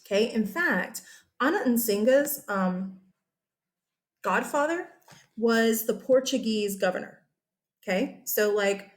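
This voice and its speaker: A woman teacher giving a casual, chatty history lecture over slides. She often checks in with her listeners. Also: medium pitch.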